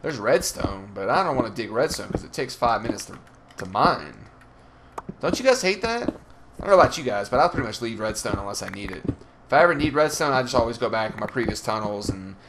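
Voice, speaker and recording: A man's voice: fairly low pitch, sing-song, a little fast, background noise. A young man from the Southern United States, chatting and grumbling through profane gameplay commentary as a let's play host.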